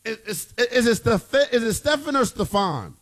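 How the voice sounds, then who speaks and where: A young man hosting a sports talk radio show, playful and animated, often laughing. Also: very high-pitched, moderate pace, gravelly. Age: young adult.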